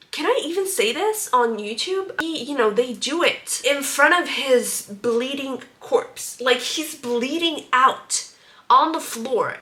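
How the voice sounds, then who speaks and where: Bright, animated young woman. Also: on the high side. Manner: animated, sarcastic, exasperated. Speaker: book reviewer. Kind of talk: casual ranting book review.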